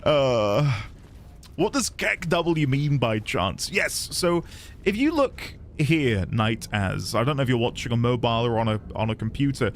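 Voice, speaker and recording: Male streamer, casual gaming chat, lively swings in pitch, laughs a lot, self-mocking. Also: measured pace, slight background noise. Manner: animated, laughs often, self-deprecating asides to chat. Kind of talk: casual live gaming commentary.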